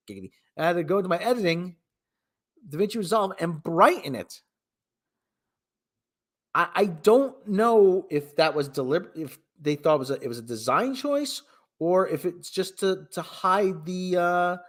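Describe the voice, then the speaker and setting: A man hosts his own show in a casual movie review, with a high voice. His pitch rises and falls with lively swings as he rambles. He is sarcastic and full of wisecracks. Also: a little slow. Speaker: host.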